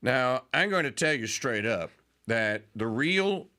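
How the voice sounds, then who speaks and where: A man's voice: medium pitch, animated, slow pace, sharp tone. A man hosting a political talk radio show, delivering a sarcastic, mocking monologue and sometimes mimicking politicians.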